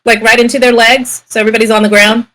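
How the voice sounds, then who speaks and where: A woman plays in a tabletop game, her voice a touch high. She talks casually, describing what her character does and asking the game master questions. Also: little pitch movement, fast, pushed and bright, rough recording. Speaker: player.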